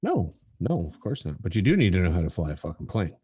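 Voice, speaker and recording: A man co-hosting a podcast in casual chat, animated, swearing freely and laughing often. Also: low voice, fast talker, breathy edge, dry recording. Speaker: podcast co-host.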